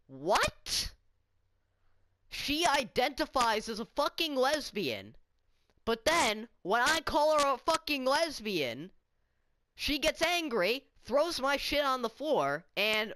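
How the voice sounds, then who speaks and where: A woman's voice: sits high, very animated, takes it slowly, long pauses, fairly bright tone. A woman telling a story-time vlog in an indignant, incredulous rant, swearing often. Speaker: student vlogger.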